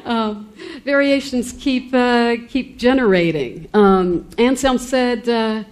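This woman's voice is fairly high and slow-paced as she delivers a casual lecture in a classroom. She restarts often, leans on filler words, and performs the voices of speakers she quotes.

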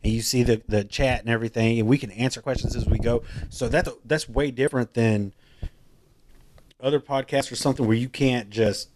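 Laid-back man, podcast guest, casual rambling with plenty of swearing, mid-pitched. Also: steady tone, brisk, a little mellow, slight background noise. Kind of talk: casual chat.

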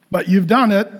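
A pastor delivering a humorous sermon, telling stories in an animated way and often laughing as he talks. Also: sits high, husky.

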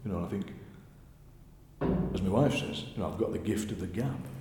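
A man with a Yorkshire accent, a poet telling stories in a lively, chatty interview. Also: deep voice, fairly quick, over music. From Yorkshire, England. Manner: chatty, animated storyteller, often laughing. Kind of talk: conversational interview. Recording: echoey room with long reverb.

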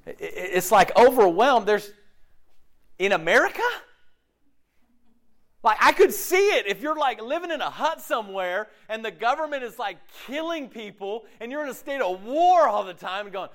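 A man leads a faith discussion in a high, bouncy voice. He is animated and preachy, swinging widely in pitch and pressing his points with rhetorical questions. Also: normal speed. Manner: animated, peppered with rhetorical "okay?". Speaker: discussion leader. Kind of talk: preachy group talk.

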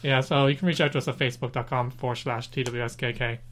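A man's voice: mid-range voice, fairly even intonation, quick pace, fairly bright tone, a little hiss or hum. A man co-hosting a casual podcast, rambling and gushing with lots of fillers. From Ireland. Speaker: podcast co-host.

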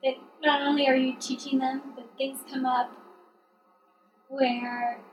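A woman's voice: sits high, little pitch movement, a little slow, roomy sound, recorded from a distance, muffled recording, over music. A woman who works as a counselor, chatting earnestly and affirmingly on a podcast. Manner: earnest, affirming, frequent agreement. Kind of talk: casual conversational chat.

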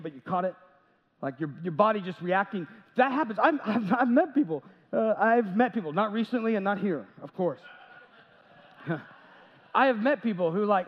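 The dull audio, heavy with long church reverb, captures a pastor preaching at a moderate pace in a high, animated voice. His sermon in the large sanctuary is conversational, full of jokes and short acted-out quotes.

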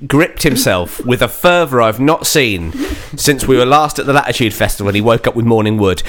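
Teasing man with an animated voice. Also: medium pitch, brisk. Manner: teasing, mock-indignant. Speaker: podcast co-host. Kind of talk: casual comedic banter.

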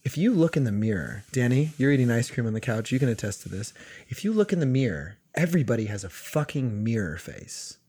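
Guy hosting a podcast, bit husky, goofing around, talking into a studio mic. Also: medium pitch, a little fast. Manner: joking, animated, self-mocking. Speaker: podcast host. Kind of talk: casual podcast chat. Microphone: headphones and studio mic.

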